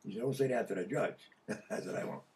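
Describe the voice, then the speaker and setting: An older man from Connecticut telling a story casually, profane and animated, laughing mid-sentence. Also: medium pitch, fast talker, far from the mic. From Connecticut, USA. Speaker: podcast guest.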